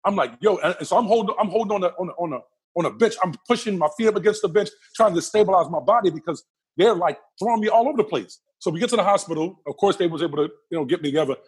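Husky fast-talking man telling a story. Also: high voice, expressive. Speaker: interview guest. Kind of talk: animated personal storytelling.

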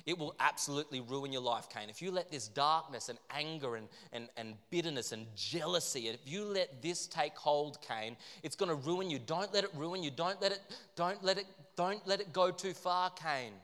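Laid-back blunt God, bright and a little high , done by a male storyteller, echoey hall. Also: animated, moderate pace, hardly any pauses. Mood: stern warning. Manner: matey, offhand, then stern and warning. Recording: reverberant hall.

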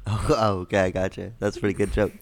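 Low-voiced man in casual podcast chat. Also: flat delivery, fast talker, creaky. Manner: loose, joking, stumbles over words. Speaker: podcast co-host.

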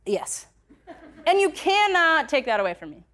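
This young adult woman speaks at a normal pace in a high, sing-song voice with a fairly bright tone. She tells a personal story conversationally, packing it with filler words like "like," and grows more passionate as she goes.

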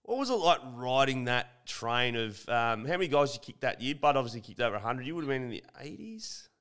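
A man's voice: medium pitch, lively intonation, fairly quick, fairly bright tone, clear, resonant tone. An Australian man in his thirties hosting a casual interview, chatty and jokey with casual swearing. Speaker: podcast host, former footballer.

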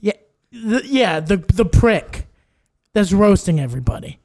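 Pushy, impatient dad at the fair - a man improvising, high, bouncy voice. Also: lively intonation, measured pace, darkish tone. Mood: irritated. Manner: blunt, impatient, making demands. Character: irritated dad customer making a shady deal. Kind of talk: improvised comedy bit.

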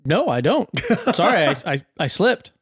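Lively joking male player. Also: fairly high pitch, moderate pace, slightly rough. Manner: playful, joking, laughing. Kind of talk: tabletop game play.

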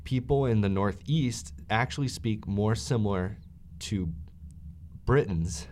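A man's voice: on the low side, unhurried, a little mellow, slight background noise. A man co-hosting a casual podcast, playfully laying out a theory at length. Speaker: podcast co-host. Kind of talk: casual chat.

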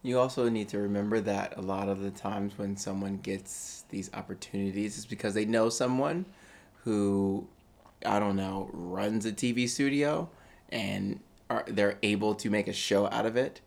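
A man's voice: on the low side, fairly even intonation, moderate pace, gravelly. A man co-hosting a podcast in casual chat, with a dry, teasing manner. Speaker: podcast co-host.

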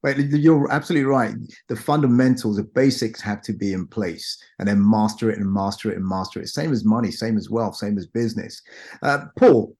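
A man's voice: lowish voice, fairly quick, a little mellow. A man hosting a business podcast, affirming his guest and repeating phrases for emphasis. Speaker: podcast host. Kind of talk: interview hosting.

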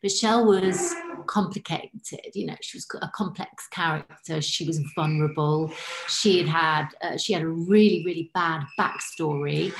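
Chatty brit lady, lowish voice, giggles a lot, echoey room. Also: slight background noise. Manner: chatty, giggly, slips into impressions. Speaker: voice impressionist and actress. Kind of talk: casual chat, podcast guest.

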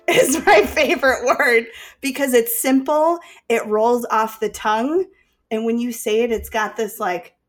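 A woman from Chicago being interviewed, giggly and playful, swooping her voice for effect. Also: a little high. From Chicago, United States.

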